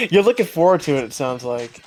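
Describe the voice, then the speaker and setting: A man's voice: fairly high pitch, sing-song, moderate pace, a crowd in the background. A man co-hosting a casual gaming stream, teasing playfully and laughing often.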